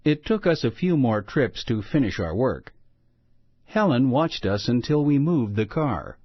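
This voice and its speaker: A man reading a children's storybook aloud in a slow, expressive storytelling manner. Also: mid-range voice, husky, no room sound. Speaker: storybook reader. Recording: muffled lo-fi recording.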